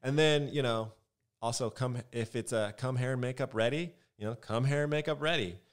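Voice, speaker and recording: A young American man, a photographer guest, chatting casually and telling animated stories in a podcast interview. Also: mid-range voice, brisk, smooth. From United States. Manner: animated storytelling, acts out quoted voices.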